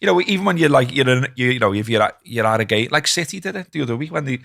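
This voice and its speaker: A middle-aged man, chatting on a football podcast and getting animated when he retells rows. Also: medium pitch, very fast, vocal fry, no echo, clean studio sound. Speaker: podcast host. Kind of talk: casual chat.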